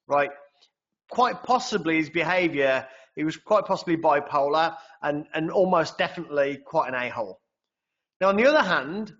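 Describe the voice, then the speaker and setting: A man's voice: fairly high pitch, fairly bright tone, muffled recording. A man presenting a trading webinar in a conversational way, often tagging sentences with "right?". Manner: conversational, frequent tag "right?".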